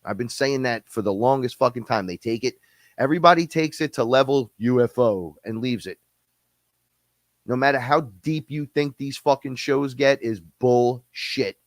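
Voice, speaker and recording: Casting note: fast-talking, profane man ranting, dry close sound, middle pitch. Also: no echo. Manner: blunt, profane, fast-talking, mimics others. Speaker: podcast guest-host. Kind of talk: casual rant.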